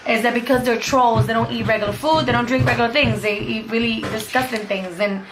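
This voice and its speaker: A woman's voice: a little high, steady tone, brisk, music in the background. A woman vlogging as a homeschool mom, chatting casually and cheerfully about favorite picture books. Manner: chatty and upbeat, repeats "super cute". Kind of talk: casual book review vlog.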